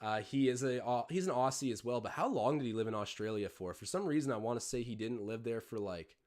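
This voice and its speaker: A man's voice: mid-range voice, animated, fast talker, a little mellow. A young Canadian man hosting a live watch-along stream, mixing casual play-by-play with rambling chatty tangents.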